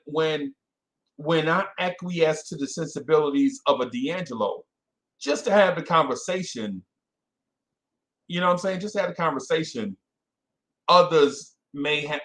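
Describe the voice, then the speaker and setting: A man hosting a casual fan podcast, animated and self-correcting, calling out listeners by name. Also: a little high. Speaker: podcast host. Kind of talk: casual live-stream chat with fans.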